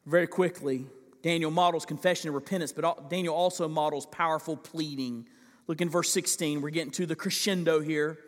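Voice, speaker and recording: A man preaching a sermon as pastor, impassioned, swinging from loud pleading to hushed asides. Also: a little high, fairly even intonation, a little fast, long reverb tail. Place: large church sanctuary.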